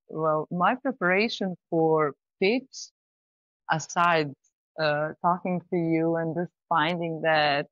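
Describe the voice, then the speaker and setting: A woman guest talking casually about pitching, in a thoughtful, halting way with restarts. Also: no echo. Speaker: startup founder, guest. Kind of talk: casual interview talk. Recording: slightly dull lo-fi audio.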